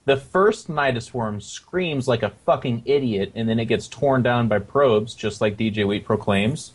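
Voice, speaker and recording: A man chatting casually about a strategy game, animated and swearing often, acting out silly voices. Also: mid-range voice, measured pace, slightly rough. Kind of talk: casual gaming chat.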